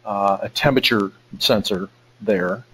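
A man's voice: fairly low pitch, a little slow, pushed and bright, a little hiss or hum, low-quality recording. A man presenting a technical webinar, walking through a live demo in a casual way with lots of fillers and restarts. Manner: casual, thinks aloud with many fillers. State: out of breath.

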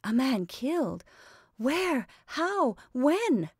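A woman's voice: on the high side, animated, normal speed, dry recording, studio quality, pitched above the performer's own voice. Woman reading as an earnest young girl. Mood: shocked. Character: sensitive, eager young woman of the house. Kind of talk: storybook reading.

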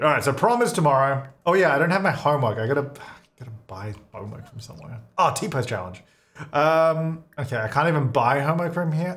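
Animated young man narrating gameplay. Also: medium pitch. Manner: animated, exasperated, laughs often. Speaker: gaming video host. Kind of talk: casual let's-play commentary.

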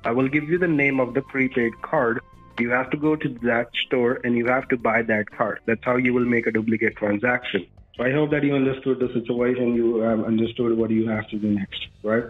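A man's voice: mid-range voice, fairly even intonation, a little fast, faint music behind. A man acting as a phone scammer, bossy, impatient and condescending as he gives orders. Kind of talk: phone call. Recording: tinny phone line.

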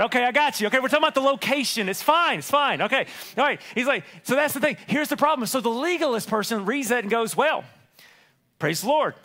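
A male pastor preaching a sermon, with a high voice. He is animated and playful and acts out voices in the stories he tells. He often turns loud and quick for a punchline. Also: gravelly.

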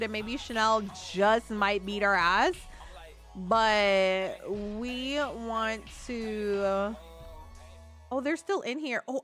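A woman's voice: a little high, fairly bright tone. A young woman giving casual, gossipy commentary over a life-sim game playthrough, swearing and laughing often. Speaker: let's play creator.

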